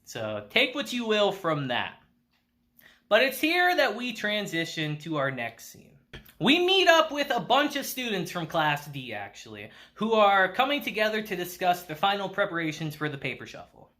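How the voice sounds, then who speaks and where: Animated, chatty male anime reviewer. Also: high-pitched, normal speed. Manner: animated, chatty, laughs often. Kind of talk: casual episode recap.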